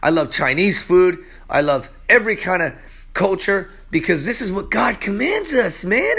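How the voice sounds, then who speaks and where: Pastor, male, high voice, hoarse from allergies, excitable, chatty sermon delivery with frequent laughs. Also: moderate pace. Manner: excitable and chatty, laughs often, says "man" a lot. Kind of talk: casual, energetic sermon.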